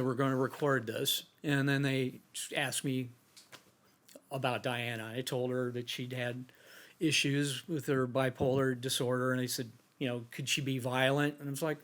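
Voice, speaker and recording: A middle-aged man telling a personal account on a podcast, halting and restarting often as he quietly retells something painful. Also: mid-range voice. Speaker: bereaved father and guest.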